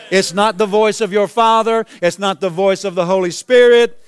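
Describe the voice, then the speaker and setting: A man preaching a sermon as pastor, emphatic and repetitive, building to shouted declarations. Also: high voice, fairly even intonation, moderate pace, clear, resonant tone. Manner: emphatic preaching, repeats phrases, rises to shouts.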